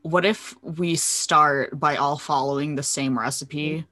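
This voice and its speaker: Slow, bright-voiced woman co-host. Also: low voice, fairly even intonation. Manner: laughs often, drawn-out filler words. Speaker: podcast co-host. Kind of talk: casual chat.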